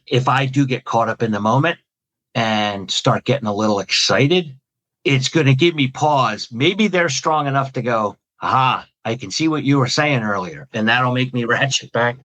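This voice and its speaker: A man in a podcast conversation who walks through ideas methodically, often posing questions and listing points. His voice sits at an ordinary middle pitch, and he sounds like a trainer explaining a method to a colleague. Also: moderate pace, fairly bright tone. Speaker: communication trainer guest.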